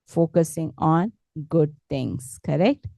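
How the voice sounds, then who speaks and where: A woman teaches positive thinking in an unhurried, gentle way, stopping often to check that her listeners follow. Her voice is soft and mellow, and the recording is dry and close. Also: low-pitched, animated, gravelly, dry recording. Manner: slow, patient, repeats words and asks "correct?"; gentle, encouraging. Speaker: meditation instructor. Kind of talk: guided talk on positive thinking.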